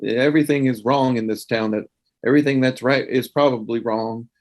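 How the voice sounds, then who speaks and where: A man's voice: medium pitch, steady tone, fairly quick, close to an everyday voice. A man voicing Rutherford, a paranoid professor who stammers and restarts his words in a tabletop role-play game. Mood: urgent.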